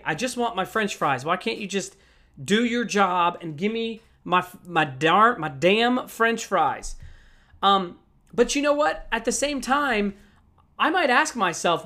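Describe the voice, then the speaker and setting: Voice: medium pitch, a bit bright. A voice in a mid-range register, delivering a motivational talk on handling anger. The speaker talks straight to the listeners and repeats key phrases to drive them home. The tone stays conversational and encouraging.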